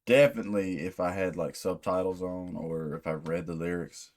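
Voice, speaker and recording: Low-voiced guy reacting to a metal song, rambly, keeps restarting his thoughts. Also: fairly even intonation, moderate pace. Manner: rambling, thinks aloud with many restarts. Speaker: music reaction channel host. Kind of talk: casual reaction commentary.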